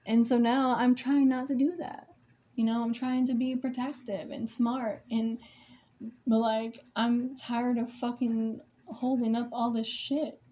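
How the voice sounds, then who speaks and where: Eine fluchende junge Mutter, die sich beim Malen Luft macht. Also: female voice, fairly high pitch, level tone, measured pace, warm tone. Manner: emotional, swearing, rambling with restarts. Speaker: mother venting about co-parenting. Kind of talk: casual venting vlog.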